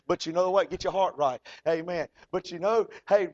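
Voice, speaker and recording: A man's voice: sits high, fairly quick, hardly any pauses, a little mellow. A man preaching a folksy, fervent sermon. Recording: dull lo-fi recording.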